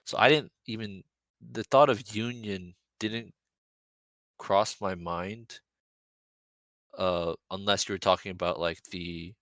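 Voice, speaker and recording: A man's voice: sits low, steady tone, slow pace, long pauses, a bit bright, no echo. A man as an interview guest, speaking candidly and rambling, with fillers and restarts. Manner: candid, rambling, self-deprecating. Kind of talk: casual interview.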